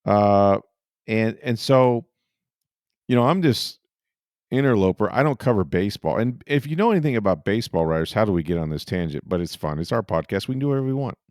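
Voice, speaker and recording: A man's voice: lowish voice, expressive, fairly quick, darkish tone, no echo, clean studio sound. A middle-aged man hosting a podcast, telling a rambling, self-deprecating story in a casual chat, often laughing. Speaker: podcast host and sportswriter.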